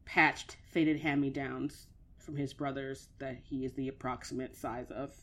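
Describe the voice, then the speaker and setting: A woman with a low voice co-hosts a podcast, chatting casually and easily. She talks in a loose, rambling way, leaning on filler words as she thinks aloud. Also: flat delivery, measured pace, fairly bright tone. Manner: chatty, many filler likes. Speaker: podcast co-host. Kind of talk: casual chat.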